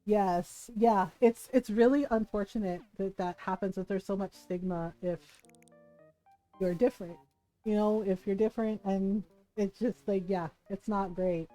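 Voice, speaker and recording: A woman streamer chatting casually, telling a family story in an animated way and giggling often. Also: mid-range voice, unhurried, faint music behind, rough recording. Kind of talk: casual chat while gaming.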